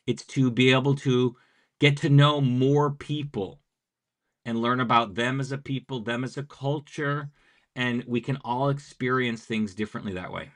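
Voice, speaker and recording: A man's voice: medium pitch, normal speed. American man telling travel anecdotes. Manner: lively anecdotal, acts out quoted dialogue. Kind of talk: conversational storytelling.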